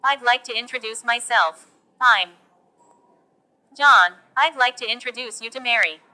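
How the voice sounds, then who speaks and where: A woman teaching English, reading example phrases for learners one by one in a slow, deliberate delivery. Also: on the high side, sharp tone.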